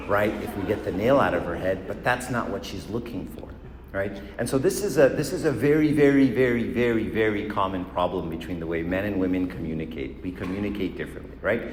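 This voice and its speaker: A man's voice: lowish voice, a little fast, a little hiss or hum. A man teaching couples in a live talk, conversational and emphatic, often checking in with "right?". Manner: conversational, keeps asking "right?"; gets heated and emphatic. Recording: echoey hall with faint ambience.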